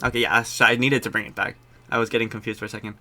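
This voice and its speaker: A man's voice: on the low side, fairly even intonation, rapid-fire, pushed and bright, faint music behind. A young man giving casual, jokey gameplay commentary as a streamer, chatting with his viewers. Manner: chatty, jokey, talks to chat. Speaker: game streamer.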